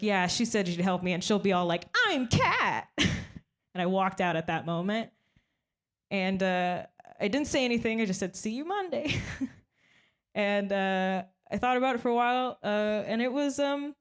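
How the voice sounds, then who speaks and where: A young woman performing a stand-up comedy set, deadpan and self-mocking, often breaking into little laughs. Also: medium pitch.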